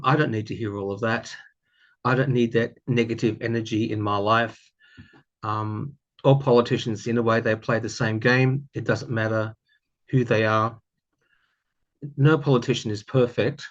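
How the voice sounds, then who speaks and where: A man's voice: on the low side, muffled recording. An Australian man chatting casually to camera, rambling with many fillers and restarts. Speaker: tarot YouTuber.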